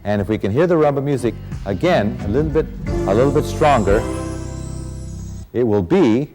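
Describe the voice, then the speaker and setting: A man's voice: medium pitch, lively intonation, moderate pace, long pauses, mellow. A man teaching dance in an instructional video, explaining technique and counting the beats aloud. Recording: reverberant hall with music playing.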